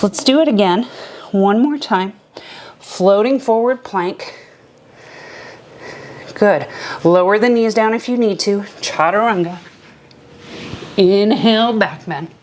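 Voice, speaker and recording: A young adult woman leads a beginner yoga class at an unhurried, deliberate pace. She calls out each inhale and exhale with calm, step-by-step cues. Her voice sits in an ordinary middle pitch. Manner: calm step-by-step cueing with breath counts. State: a little out of breath at times. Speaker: yoga instructor. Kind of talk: guided yoga class instruction.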